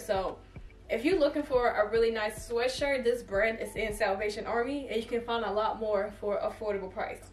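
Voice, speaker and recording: Chatty high-voiced young woman vlogger. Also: recorded from a distance. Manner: chatty, animated, addresses viewers as y'all. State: has hiccups. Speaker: fashion vlogger. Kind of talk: casual try-on haul chat. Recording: echoey room, voice away from the mic, faint music.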